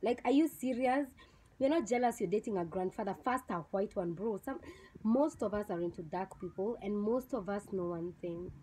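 A woman's voice: mid-range voice, normal speed, warm tone, slightly rough, low-quality recording. Blunt young Kenyan woman vlogger. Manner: blunt, scornful, slips into Swahili slang. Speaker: vlogger reviewing a TV show. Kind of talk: casual opinionated review.

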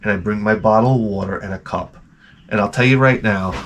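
A man's voice: on the low side, a little fast, slight background noise. A man hosting his channel, rambling casually and comically, with frequent profanity. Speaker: channel host.

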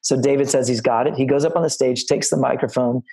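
A man's voice: medium pitch, fairly even intonation, fast talker, dark tone, breathy edge, rough recording. A middle-aged man, a line producer, telling film-set stories to students on a video call, rambling and restarting often. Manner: anecdotal and rambling, with many restarts. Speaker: line producer giving career advice.

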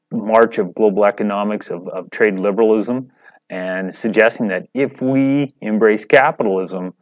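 A man's voice: on the low side, no room sound, lo-fi sound. A man teaching a class, lecturing over slides in a conversational, digressive way and putting questions to his students.

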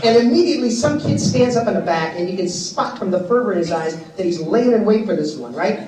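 A man giving a comic roast introduction at a conference, firing off wisecracks and tall tales at a rapid clip. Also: sits high, expressive, distant mic. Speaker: emcee introducing the speaker. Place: conference hall stage with PA. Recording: echoey hall taped from the audience on cassette, loud hiss.

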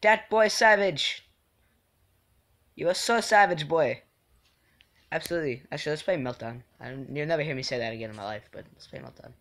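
A young man casually commenting on his own game live, excitable and quick to get frustrated at other players. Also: mid-range voice. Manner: excitable, swings from mumbling to yelling in frustration. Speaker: game streamer.

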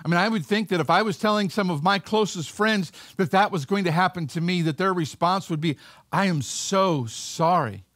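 A man's voice: high voice, a little fast, hardly any pauses, a bit bright, no room sound, clean studio sound. A male pastor giving a sermon in a conversational way, acting out the voices of the people in a Bible story.

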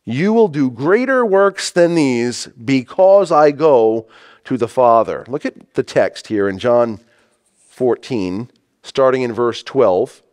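A man's voice: mid-range voice, animated, slow, a little mellow. A man preaching a sermon as pastor, reading scripture aloud and stressing key phrases emphatically.

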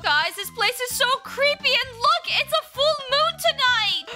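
A sensible, bookish young girl in an animated game story. Her very high voice swoops up and down in a bouncy, sing-song way. Music sits under her lines. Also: measured pace. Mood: chatty. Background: background music.

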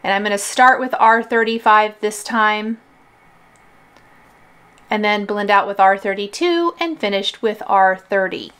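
A woman hosting a card-making tutorial, calmly explaining each coloring and gluing step in a relaxed, chatty way. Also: medium pitch, measured pace, clean tone. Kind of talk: craft tutorial voice-over.

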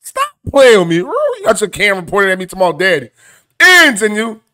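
A man hosting a comedic news commentary show, animated, profane and mocking as he reacts to clips. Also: high-pitched, brisk, faint music behind.

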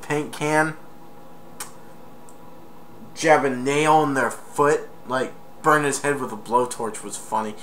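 A man casually retelling a movie plot in a rambling, excitable way for a home video review. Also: mid-range voice, slow, long pauses, a little hiss or hum.

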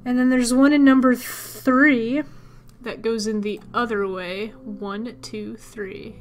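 A woman's voice: a little high, fairly even intonation, slow pace, soft background music. A young woman casually commenting as she plays a puzzle game, chatting to her viewers and muttering to herself. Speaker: let's player.

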